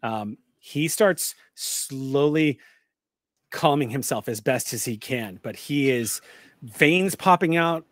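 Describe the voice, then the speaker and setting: A man as game master, narrating a tabletop game with vivid, deliberate description. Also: medium pitch, lively intonation, fairly bright tone, no room sound, clean studio sound.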